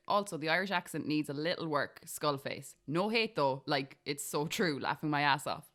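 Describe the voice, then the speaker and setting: A woman's voice: low-pitched, normal speed, few pauses, fairly bright tone. A woman casually interviewing her partner and reading online comments aloud, laughing easily. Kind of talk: casual chat.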